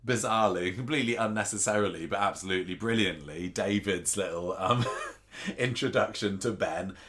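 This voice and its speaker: A man's voice: fairly low pitch, normal speed, a bit bright. A man co-hosting a casual podcast, rambling and thinking aloud with restarts. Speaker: podcast co-host. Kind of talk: casual chat about a TV soap.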